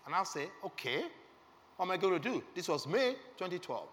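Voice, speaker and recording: A man's voice: sits high, sing-song, brisk, a bit bright. A middle-aged man, telling an emotional testimony in a sermon and checking in with his listeners. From Nigeria. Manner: earnest, emotional storytelling, asks the audience questions. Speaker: preacher. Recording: reverberant hall with faint background noise.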